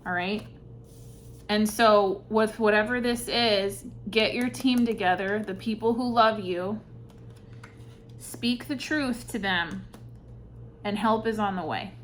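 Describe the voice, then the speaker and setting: A woman giving an intuitive tarot reading, speaking softly and reflectively, with sighs and pauses between thoughts. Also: mid-range voice, a little hiss or hum. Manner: slow, soft-spoken, reflective, with sighs and pauses. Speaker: tarot reader.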